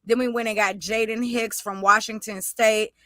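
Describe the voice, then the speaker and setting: A woman co-hosting a podcast, chatting about football in a talkative, animated way and correcting herself as she goes. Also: on the high side, moderate pace. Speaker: podcast co-host. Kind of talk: casual sports chat.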